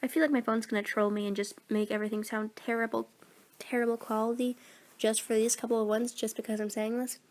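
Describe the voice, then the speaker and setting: A teenage girl chatting aimlessly into her phone mic, meandering and a little self-deprecating. Her voice sits somewhat high for a woman, and she sounds a bit under the weather. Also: little pitch movement, fast talker, a little mellow. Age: teens. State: sick. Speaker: voice actor vlogger. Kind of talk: casual rambling vlog.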